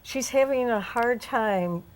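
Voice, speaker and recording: A woman's voice: on the high side, slow pace. A woman guest in a casual book discussion, thoughtful and agreeable.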